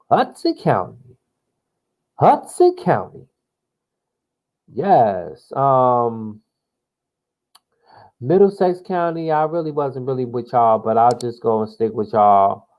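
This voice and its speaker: A young man from New Jersey rambles through his gameplay commentary and talks half to himself. He swears casually and keeps a relaxed, dark, mellow tone at a middling pitch. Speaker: gamer playing a political simulation.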